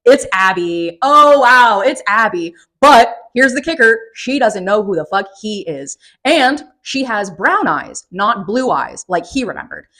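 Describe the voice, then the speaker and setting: A woman giving a casual, profane and sarcastic spoken book review, recapping the plot with animated energy. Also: medium pitch, unhurried, few pauses.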